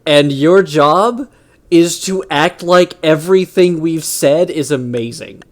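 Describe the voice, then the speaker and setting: A man's voice: a little high, takes it slowly. Laughing, loose-talking male streamer. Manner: laughs often, swears casually. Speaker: streamer host. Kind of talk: casual live-stream chat.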